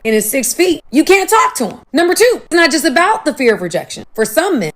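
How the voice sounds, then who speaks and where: A high-voiced woman talks straight to her viewers, her pitch swooping widely as she runs through her numbered points with rhetorical questions and asides. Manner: lively, rhetorical, addresses viewers as "y'all". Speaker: online video commentator. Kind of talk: casual video talk to viewers.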